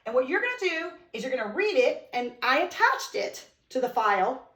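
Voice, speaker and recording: A woman teacher giving an online lesson to young children, reading a poem aloud with slow, expressive emphasis. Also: sits high, reverberant, recorded from a distance.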